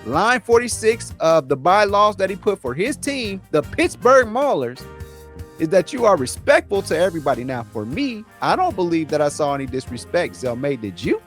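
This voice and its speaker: A high-pitched man with a bouncing, animated delivery hosts a casual news chat. He talks in a relaxed way, circling back over his own words. A soft bed of music plays under him. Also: moderate pace. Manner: laid-back, repeats words, says man a lot. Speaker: podcast co-host.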